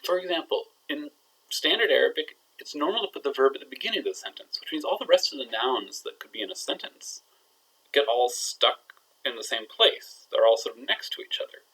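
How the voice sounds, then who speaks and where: A man's voice: medium pitch, lively intonation, fairly quick, pushed and bright, husky, poor audio. A man teaching a recorded language lesson, playful and building suspense as he explains grammar. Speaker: Arabic teacher.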